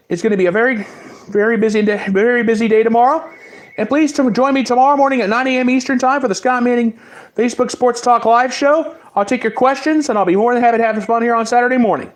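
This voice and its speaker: A man hosting his own sports podcast, taunting and repeating himself in a fiery solo rant. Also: extremely high pitch. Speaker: podcast host.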